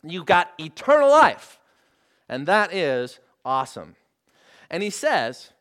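A man's voice: fairly high pitch, big pitch swings, measured pace, a bit bright. A man preaching a sermon, explaining scripture in an emphatic way. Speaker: pastor.

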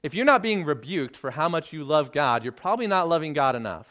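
A man delivers a sermon in an earnest, emphatic way, his voice sitting a little high for a man. He drops to a hushed tone on key points. The recording is dull and lo-fi. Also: big pitch swings, fairly quick. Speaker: pastor.

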